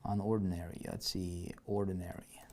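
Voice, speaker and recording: A man's voice: low-pitched, little pitch movement, moderate pace, mellow. A man teaching online marketing on a live screen-share, chatty and full of "right?" check-ins and restarts, with keyboard typing heard behind him.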